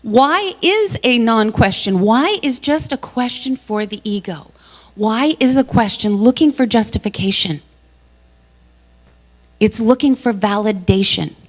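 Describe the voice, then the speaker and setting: A woman gives a sermon in the form of personal stories. She talks in an animated, self-mocking way and laughs often. Her voice carries with the long reverb of a large hall. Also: mid-range voice, unhurried. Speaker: guest speaker at a church service. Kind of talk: storytelling sermon.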